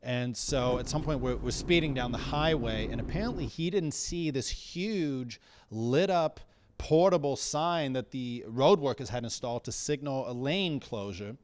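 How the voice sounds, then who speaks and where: A man's voice: medium pitch, a little slow, a little hiss or hum. A man doing a stand-up comedy routine in a small comedy bar, telling stories in a wry, rambling way and often correcting himself mid-sentence.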